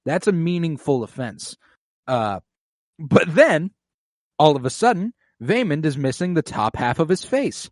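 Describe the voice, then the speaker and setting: A man's voice: fairly high pitch, big pitch swings, measured pace, dry recording. A man co-hosting a podcast, recapping scenes in casual chat, swearing freely and acting out characters' lines. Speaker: podcast co-host.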